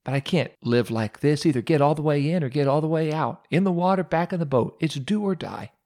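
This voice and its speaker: A man hosting a radio devotional, telling a humorous, self-mocking story with dramatic pauses. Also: a little high, a little mellow.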